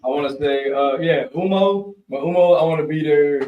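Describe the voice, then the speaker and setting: A man in casual chat, telling stories in a relaxed way. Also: a little high, normal speed, narrow, tinny audio. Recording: distant echoey mic, faint noise.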